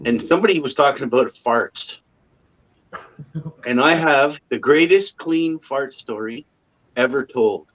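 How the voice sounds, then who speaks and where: A man's voice: mid-range voice, measured pace, muffled recording. Canadian man telling stories on a livestream. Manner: rambling storyteller, chuckles often. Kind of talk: casual livestream chat.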